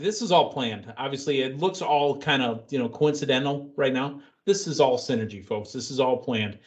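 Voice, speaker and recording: A man hosting a casual wrestling podcast, excitable and jokey, telling the story of a show. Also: mid-range voice. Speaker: podcast host. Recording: dull lo-fi sound.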